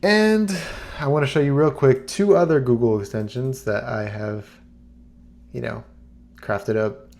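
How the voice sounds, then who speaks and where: A man talking casually to camera as a YouTuber, rambling and relaxed with plenty of fillers. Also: medium pitch, unhurried, vocal fry. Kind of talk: casual screen-recorded talk.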